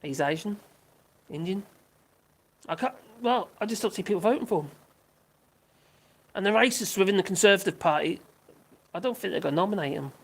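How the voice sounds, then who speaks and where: A woman's voice: mid-range voice, animated, brisk, long pauses. Giggly older woman chatting live. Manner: chatty, giggly, rambling, self-correcting. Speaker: livestream host. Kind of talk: casual live chat reading viewer comments.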